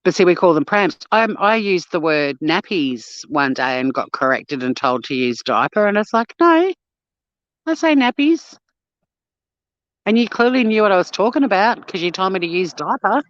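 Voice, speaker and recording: A woman's voice: fairly low pitch, lively intonation, fairly quick, hardly any pauses, no echo, highs cut off. An Australian woman chatting casually on a walk for her vlog, blunt and sweary, telling stories with lots of animation. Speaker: vlogger. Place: outdoors on a walk.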